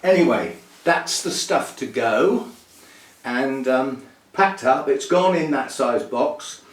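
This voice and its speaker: A man's voice: medium pitch, expressive, slow pace. A man, hosting a chatty orchid video, thinking aloud with little chuckles as he packs and repots plants. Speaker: orchid channel host. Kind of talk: casual chat while packing and repotting plants. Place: indoor room, working with plants. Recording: roomy, somewhat distant, faint noise.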